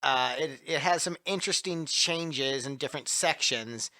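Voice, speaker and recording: A man's voice: fairly high pitch, moderate pace, sharp tone, no echo, clean studio sound. A man co-hosting a casual music podcast, chatting enthusiastically and giving opinions. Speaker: podcast co-host. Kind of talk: casual panel chat about music.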